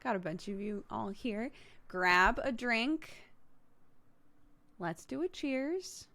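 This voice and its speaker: Hosting her stream, this thirties woman speaks slowly in a slightly high, bright, forceful voice with lively intonation. Her toddler stories keep her laughing as she chats with viewers.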